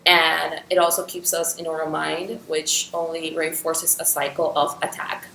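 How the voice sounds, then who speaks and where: A woman's voice: low voice, flat delivery, a little slow, creaky, sharp tone. A woman hosting an interview, talking reflectively and checking in with the guest often. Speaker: host and love coach. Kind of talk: casual interview talk. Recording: echoey room with faint background hum.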